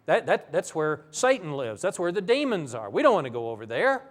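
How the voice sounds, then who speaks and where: A preacher voicing scared fishermen protesting. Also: male voice, a little high, very animated, fairly quick. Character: frightened adult male fishermen, protesting.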